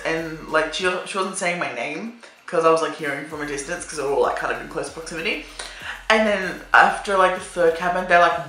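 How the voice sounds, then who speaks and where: A young woman tells a story to camera in a bright, forward voice. She laughs through her lines, swears freely, and leans hard on "like". The room is echoey and faint music runs under her. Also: low-pitched, fairly quick. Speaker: vlogger. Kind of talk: casual storytime monologue.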